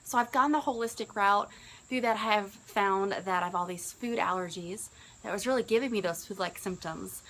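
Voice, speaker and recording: Speaking at normal speed in a mid-range, slightly bright voice, a business coach in her early forties tells her personal story earnestly and conversationally. Her pitch lifts whenever she quotes herself. The recording is poor, with slight background noise.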